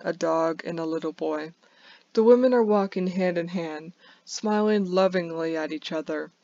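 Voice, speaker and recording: A woman's voice: on the low side, darkish tone, no echo. A woman reading a first-person bedtime story aloud, with small stumbles and restarts, on a dull lo-fi recording.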